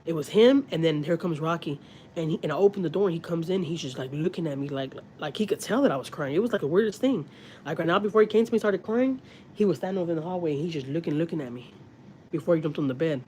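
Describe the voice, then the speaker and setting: A woman's voice: low voice, fast, dark tone, a little hiss or hum, poor audio. Candid woman chatting on a livestream. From Houston, Texas. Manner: candid, rambling, confiding. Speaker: family vlogger on a livestream. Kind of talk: casual livestream chat.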